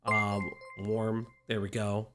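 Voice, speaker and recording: A man's voice: lowish voice, completely flat delivery, slow pace, music in the background. A man hosting a casual livestream from home on a desk microphone, greeting chat in a playful sing-song way and rambling in asides. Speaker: livestream commentary host. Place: home streaming room.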